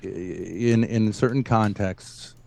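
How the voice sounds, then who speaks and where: A man on a stream panel, making halting, provocative points with many restarts. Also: on the low side, vocal fry, darkish tone. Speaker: panel guest. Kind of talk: live debate on a stream.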